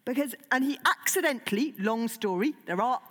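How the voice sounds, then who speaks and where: A woman's voice: a little high, expressive, a little fast, fairly bright tone. A woman, a children's author, giving a chatty, digressive talk to children, with many fillers. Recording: long hall reverb.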